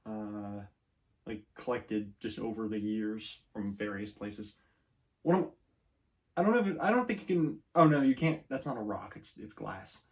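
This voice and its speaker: A man's voice: lowish voice, normal speed. A young man answering interview questions casually, with many fillers, restarts and easy laughs. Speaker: guest, student performer.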